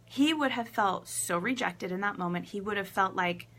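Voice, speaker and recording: A woman relationship coach telling a personal story to camera in a casual, animated way, acting out quotes and getting emotional. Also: mid-range voice, moderate pace. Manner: laughs often, emotional.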